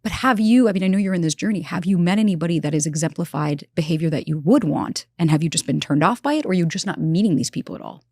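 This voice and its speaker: Fast-talking candid New woman. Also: on the low side, a little mellow, husky, no room sound, studio quality. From New York. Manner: fast, candid storytelling with quick asides. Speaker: relationship expert guest. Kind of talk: casual interview conversation. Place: studio in Los Angeles.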